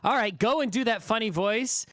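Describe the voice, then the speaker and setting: A man's voice: high voice, normal speed, a bit bright, no echo. A man co-hosting a podcast, talking in a rambling way that is full of "right?" and "you know". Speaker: podcast co-host. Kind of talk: casual discussion.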